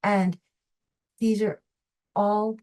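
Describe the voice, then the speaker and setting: A woman's voice: medium pitch, fairly even intonation, very slow, a little mellow. A middle-aged woman giving an informal health webinar, talking conversationally with frequent restarts and acting out quoted reactions. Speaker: webinar presenter. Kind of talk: informal educational webinar talk.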